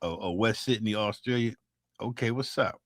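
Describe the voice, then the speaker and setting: This sixty-something livestream host from North Philadelphia makes beats and talks casually with viewers, his lowish, fairly bright voice moving at a moderate pace. Expect cursing, wisecracks, and frequent restarts in a thick Philly accent. The audio is clean studio sound without echo.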